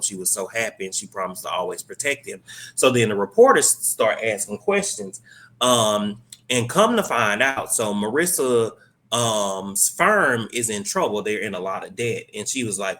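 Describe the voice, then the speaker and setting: A young man casually retelling a TV episode, rambling with many fillers and briefly acting out the characters' lines in quick bursts. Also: lowish voice, a bit bright. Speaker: host recapping a TV episode. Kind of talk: casual recap.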